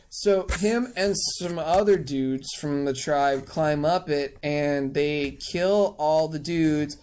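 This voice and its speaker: A man's voice: a little high, extremely slow, few pauses, a little mellow, clear, resonant tone. A drunk young man giving a rambling, crude comic summary of a book, full of fillers.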